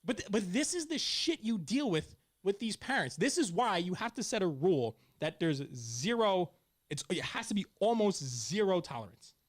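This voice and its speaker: A man in his forties hosting a casual talk show, telling stories with animated energy and getting loud when retelling arguments. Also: high-pitched, moderate pace. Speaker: podcast host, youth softball coach. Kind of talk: casual chat.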